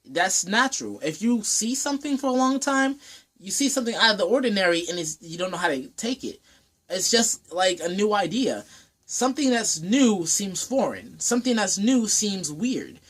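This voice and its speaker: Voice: mid-range voice, big pitch swings, normal speed, a bit bright. A young adult vlogger giving an earnest personal monologue, often repeating and rephrasing phrases while thinking aloud.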